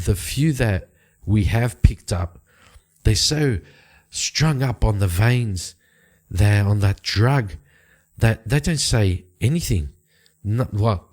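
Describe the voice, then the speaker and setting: A man's voice: on the low side, a little mellow, voice pushed up. A man voicing an urgent female informant who asks an old ally for help and explains things in earnest, rambling bursts.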